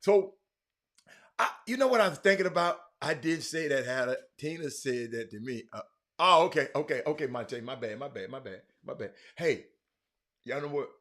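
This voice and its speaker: Animated, bright-voiced man hosting a live sports chat. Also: mid-range voice, moderate pace. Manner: chatty, shouting out viewers by name, many restarts. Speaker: live show host. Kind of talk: casual live-stream sports talk.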